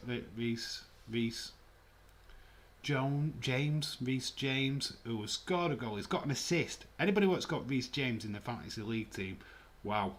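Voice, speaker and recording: A man hosting a livestream, giving relaxed, chatty commentary and reactions while watching a match. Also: mid-range voice, measured pace. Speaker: livestream host. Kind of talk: casual live match commentary.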